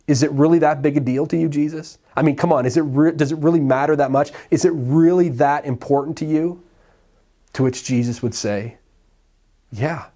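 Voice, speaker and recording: A male pastor preaching a sermon, retelling a scripture story and acting out the dialogue with animated, conversational delivery. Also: on the high side, brisk. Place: church sanctuary.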